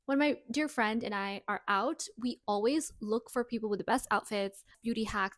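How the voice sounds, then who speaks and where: A woman's voice: on the high side, a little fast, hardly any pauses, no room sound. A woman vlogger in casual reaction commentary, giving chatty, upbeat advice. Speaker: style vlogger. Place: Los Angeles.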